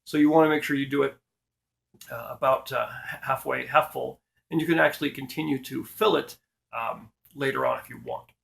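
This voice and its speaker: Gravelly man explaining at a relaxed pace. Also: mid-range voice, fairly quick, slight background noise. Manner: relaxed, with frequent fillers and restarts. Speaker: host. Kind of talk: casual instructional talk.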